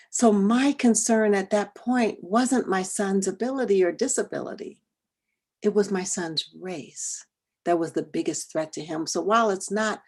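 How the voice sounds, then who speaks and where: A middle-aged woman leads a workshop with a slightly husky, breathy voice at a medium pitch. She tells a personal story, asks the audience direct questions, and often sinks to a whisper for the thoughts she quotes. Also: a little mellow. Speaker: educator leading a workshop.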